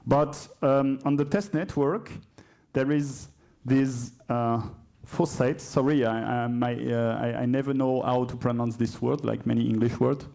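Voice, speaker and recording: A man's voice: mid-range voice, fairly even intonation, measured pace, vocal fry, a little mellow. A man with a French accent giving a conference coding demo, hesitant and self-correcting with chatty asides. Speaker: conference speaker. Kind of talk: live coding talk. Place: conference hall.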